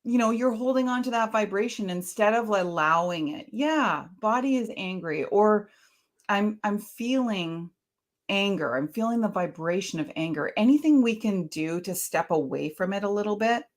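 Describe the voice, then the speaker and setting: A woman speaking as a guest author in a relaxed interview. She tells her stories with animation and laughs easily, her voice sitting at an ordinary middle pitch. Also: normal speed. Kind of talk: casual conversational interview.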